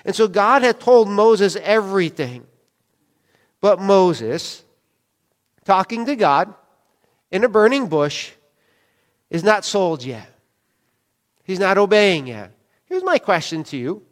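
A man's voice: high voice, sing-song, slow, long pauses. A man preaching a sermon as pastor, in a casual, conversational way, acting out quoted dialogue as he goes. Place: church sanctuary. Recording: long church hall reverb.

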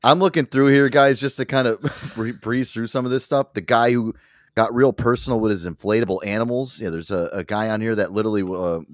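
A man's voice: fairly low pitch, fairly quick, dry recording, clean studio sound. A man hosting a casual podcast chat, laughing often and swearing freely as he reacts. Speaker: podcast host.

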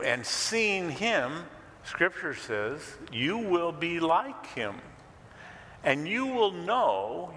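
A pastor preaching a sermon in an animated, conversational way with joking asides. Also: male voice, fairly high pitch, long reverb tail, slight background noise. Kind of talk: expressive sermon teaching.

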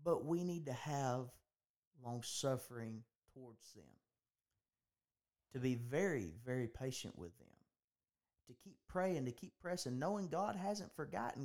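A man's voice: a little high, a little mellow. A man hosting a podcast, talking in an earnest preaching style, often restarting and repeating his phrases. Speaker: podcast host.

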